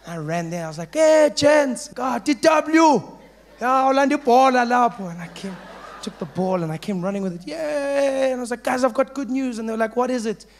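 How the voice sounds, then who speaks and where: A man doing stand-up comedy, telling a story and acting out characters with sudden loud shouts. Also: high-pitched, steady tone, fast, creaky.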